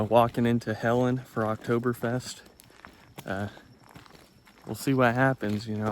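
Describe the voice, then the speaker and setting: A young man hosting his own vlog, chatting casually in a relaxed, rambling way and laughing often. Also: fairly low pitch, a little hiss or hum. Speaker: vlog host.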